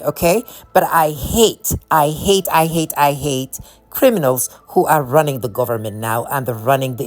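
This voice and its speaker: Low-pitched woman, impassioned monologue, repetitive, faint music behind. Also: a little mellow. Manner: impassioned, repetitive, with frequent restarts. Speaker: video creator. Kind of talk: monologue to camera.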